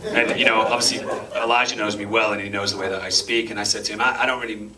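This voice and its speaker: A man, an actor answering audience questions after a screening, chatty and self-deprecating and quick to laugh. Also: fairly low pitch, little pitch movement, a loud crowd. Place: cinema auditorium before an audience. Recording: distant mic with faint room noise.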